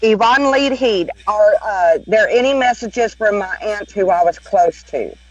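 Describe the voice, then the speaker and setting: A woman's voice: medium pitch, a little slow, dull audio. A woman reading viewer questions aloud in a plain, matter-of-fact way. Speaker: question reader.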